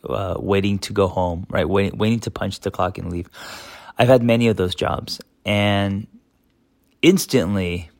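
Rambling, candid man, low voice. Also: no echo, studio quality. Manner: rambling, candid, many fillers. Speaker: podcast host, therapist. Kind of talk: casual self-help monologue.

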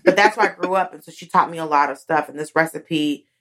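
A woman comedian, a guest in a studio, chatting casually. Her speaking voice sits on the low side, and she tells stories with plenty of animation, jumping up in pitch whenever she acts out a moment. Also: fast talker. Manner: animated storyteller, swoops high when acting out moments. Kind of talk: casual interview chat.

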